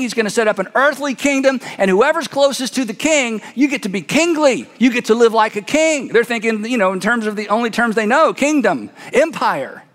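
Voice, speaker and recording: High-voiced preacher in a reverberant hall. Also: male voice. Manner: dramatic storytelling, dropping to a hush for emphasis. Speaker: pastor. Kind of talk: sermon.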